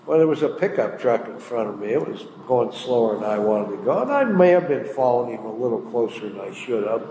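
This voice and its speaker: A man's voice: medium pitch, very animated, fairly quick, mellow. An older man preaching a sermon, telling a story in a folksy, plain-spoken way. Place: church hall. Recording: echoey hall, faint room noise.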